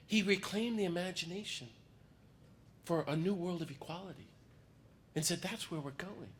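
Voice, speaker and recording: Passionate priest talking through a cold. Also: male voice, high voice, lively intonation, normal speed, slight background noise. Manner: passionate, emphatic preaching tone. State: has a cold. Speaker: priest and speaker. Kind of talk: public talk to a peace group.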